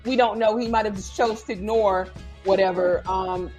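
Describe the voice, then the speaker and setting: A woman's voice: mid-range voice, fairly even intonation, normal speed, darkish tone. Chatty woman hosting a podcast, kinda rambly, faint music behind. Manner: rambling, hesitant, with restarts. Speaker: podcast host. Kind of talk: casual chat.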